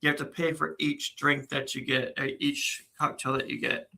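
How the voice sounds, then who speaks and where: Man, co-host, casual live chat, very bright voice, chatty, laughs often. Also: mid-range voice, flat delivery, normal speed, creaky, slight background noise, low-quality recording.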